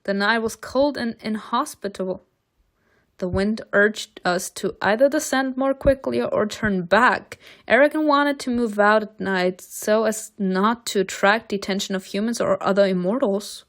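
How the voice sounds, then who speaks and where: A woman reading a story game aloud and narrating, with expressive reading broken by chatty asides. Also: medium pitch, moderate pace. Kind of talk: reading a visual novel aloud with commentary.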